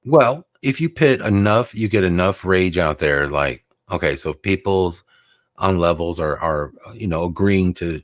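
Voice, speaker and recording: A man's voice: sits low, unhurried, no room sound. A man hosting a casual talk show, rambling with many fillers and restarts as he thinks aloud.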